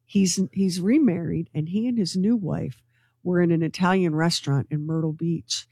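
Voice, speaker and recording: A woman co-hosting a morning radio show, telling a news story to her co-hosts in an excitable, gossipy way. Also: lowish voice, moderate pace, husky, no echo. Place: radio studio.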